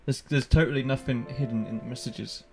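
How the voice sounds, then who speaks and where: A man's voice: mid-range voice, steady tone, a little fast. A young man co-hosting a casual podcast, tossing in wry, joking asides. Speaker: podcast co-host. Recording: music playing behind.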